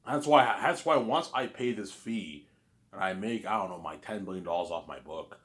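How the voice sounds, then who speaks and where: A man's voice: low-pitched, normal speed, fairly bright tone. A man talking to the camera in a casual monologue vlog, rambling, repeating himself and getting sidetracked. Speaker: YouTuber.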